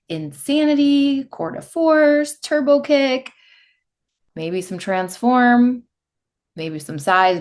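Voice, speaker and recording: Host, woman, mid-pitched, chatty and candid solo talk. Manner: chatty, candid, laughs easily. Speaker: podcast host; fitness instructor trainer. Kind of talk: casual monologue.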